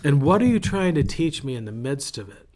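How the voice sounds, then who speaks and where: Man preaching a casual, animated sermon. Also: fairly high pitch, a little fast. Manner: conversational, animated storytelling with self-interruptions. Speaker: pastor. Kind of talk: informal sermon.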